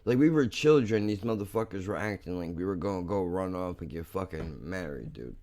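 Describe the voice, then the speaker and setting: Young guy going off on a podcast rant, cussing a lot, kinda low voice. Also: expressive, darkish tone. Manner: blunt, profane, quick to anger, rambling. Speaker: podcast host. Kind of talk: casual monologue.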